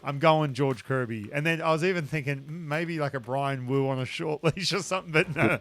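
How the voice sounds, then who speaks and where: A man in his thirties hosts a casual podcast chat. His voice is bright and sits a bit high. He talks in an animated, emphatic way, dropping "dude" and "man" as he goes. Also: brisk. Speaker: podcast host, former pitcher.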